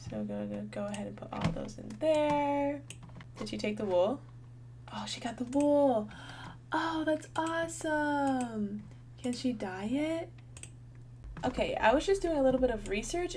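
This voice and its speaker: A woman's voice: a little high, slight background noise. A young woman giving casual, bubbly gameplay commentary, thinking aloud and chatting to her viewers. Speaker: gaming channel host.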